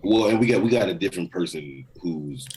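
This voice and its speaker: A young man co-hosting a casual wrestling podcast, profane and animated, laughing often. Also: deep voice, fairly quick, crowd noise, rough recording. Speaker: podcast co-host. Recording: faint background noise.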